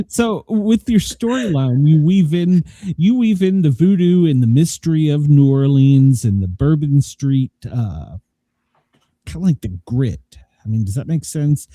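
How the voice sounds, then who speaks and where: A man hosting a casual interview, husky and lively, laughing along. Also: on the high side, unhurried, no room sound. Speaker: host.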